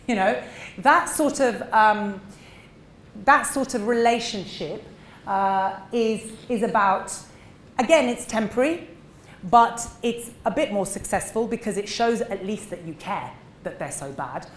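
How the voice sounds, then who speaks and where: A middle-aged woman, a dentist giving a seminar talk, animated and emphatic, acting out short exchanges. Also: medium pitch, unhurried. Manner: animated, acts out little dialogues, emphatic. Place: seminar room. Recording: echoey room with faint noise.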